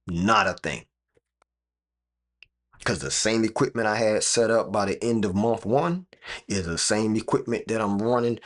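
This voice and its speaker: A man's voice: fairly low pitch, breathy edge. A man streaming live from a room with his computers, talking straight to viewers in an emphatic, repetitive way. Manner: emphatic, repeats phrases, talks straight to chat.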